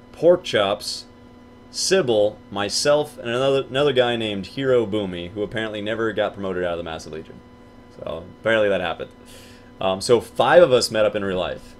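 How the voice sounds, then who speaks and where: A young man telling a story casually to his viewers, acting out what his friends said in hushed and loud voices. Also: fairly low pitch, slight background noise.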